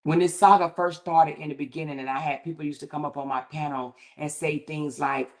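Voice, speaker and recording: A middle-aged woman with a low, deep-set voice hosts her own livestream, speaking in a casual commentary style from a home setup. She talks candidly and with emphasis, and her pitch shoots upward when she turns indignant. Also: steady tone, fairly quick, hardly any pauses. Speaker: livestream host.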